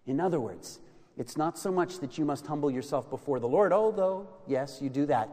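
A man delivers a dramatic sermon. His high voice leaps and falls with lively range, and he swings from loud stresses to near-whispers. Long reverb from a church hall trails every word. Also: moderate pace. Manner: dramatic preaching, swinging from loud emphasis to hushed lows. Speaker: preacher.

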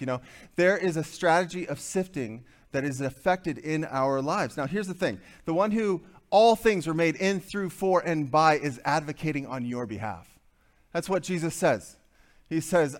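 A man preaching a sermon to a group of men, swinging from quiet, slow passages to loud, quick bursts, with joking asides. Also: fairly high pitch, expressive. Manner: dynamic, swings from hushed to loud and fast.

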